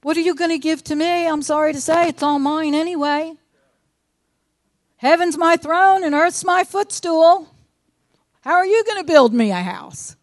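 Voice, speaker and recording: An indignant, sassy male God figure, high and emphatic, put on by a woman preacher and firing off rhetorical questions in a dry, close sound. The tone is colloquial and scolding. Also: moderate pace, dry recording.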